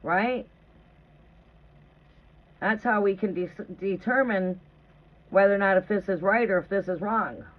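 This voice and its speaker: A woman's voice: medium pitch, measured pace, pauses often. Woman talking over a tinny phone line. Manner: rambling, profane, conversational, often asks "right?". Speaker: tarot reader hosting a live stream. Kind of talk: casual live-stream chat and storytelling. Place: at home in a trailer. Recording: tinny phone-like audio with faint noise.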